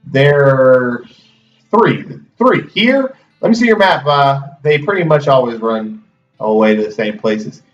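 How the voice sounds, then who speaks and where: A man voicing a downtrodden old-west horse seller, talking slowly and plaintively. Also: mid-range voice, lively intonation, close to an everyday voice. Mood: hopeful. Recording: roomy, distant, dull, faint music.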